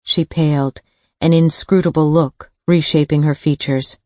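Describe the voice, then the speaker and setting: Woman, audiobook narrator, measured, low pitch, dry studio sound. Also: fairly even intonation, darkish tone, no echo. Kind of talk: scripted narration.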